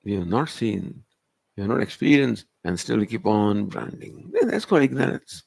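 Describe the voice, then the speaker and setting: A man's voice: fairly low pitch, very animated, moderate pace, gravelly, a little mellow, husky, no echo. A male spiritual teacher, giving a Vedanta discourse and pressing the listener with rhetorical questions. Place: retreat hall.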